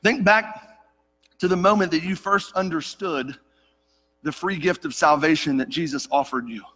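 His voice on the high side, bright and forceful, a middle-aged pastor speaks at a moderate pace. He shares a personal story with sincerity during his sermon, addressing his listeners as "church," and the sanctuary's long reverb fills the recording.

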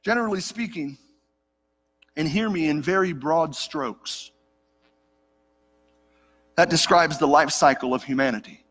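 Speaking a little slowly with long pauses, this middle-aged pastor has a slightly high, fairly bright voice. He tells a personal story earnestly in his sermon and calls the congregation "church," with the long reverb of the church hall audible.

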